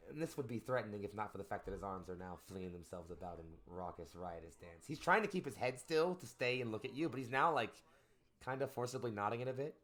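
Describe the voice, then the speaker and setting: Man, game master, low deep voice, vivid narration, tabletop game. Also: fast. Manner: descriptive, animated narration with fillers.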